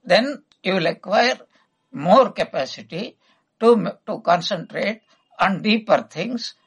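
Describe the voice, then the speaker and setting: A man giving an emphatic spiritual discourse, teaching through a steady stream of rhetorical questions. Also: high-pitched, takes it slowly, husky, rough recording.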